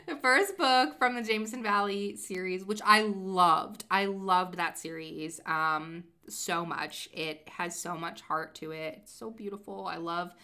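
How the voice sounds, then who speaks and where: Chatty young woman, bright voice. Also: fairly low pitch, unhurried, few pauses. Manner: chatty, animated storytelling with many fillers. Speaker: podcast co-host. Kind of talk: casual chat about books.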